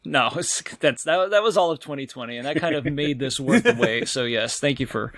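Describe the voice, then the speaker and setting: A man's voice: fairly high pitch, very animated, fairly quick, fairly bright tone. A man co-hosting a casual podcast chat, rambling, swearing freely and laughing often. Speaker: podcast co-host.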